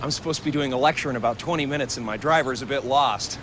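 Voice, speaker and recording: An actor playing a polite visiting lecturer asking for directions, chatty and joking. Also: male voice, medium pitch, quick pace, close to an everyday voice. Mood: amused. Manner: chatty, amused, laughs at own jokes. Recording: film clip with street traffic noise.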